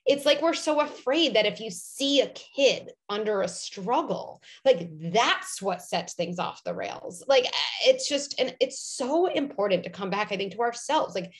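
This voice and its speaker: A woman, a psychologist talking as a guest in an interview, animated and full of "like" and "you know", sometimes acting out voices. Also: a little high, measured pace, hardly any pauses. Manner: animated, filler-heavy, acts out quoted voices. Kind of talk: conversational interview.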